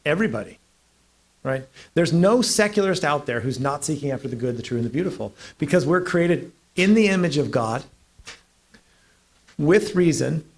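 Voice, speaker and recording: Joking, emphatic man giving a lecture. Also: on the high side. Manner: lively, joking, emphatic, with restarts and asides. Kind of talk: lecture with anecdotes.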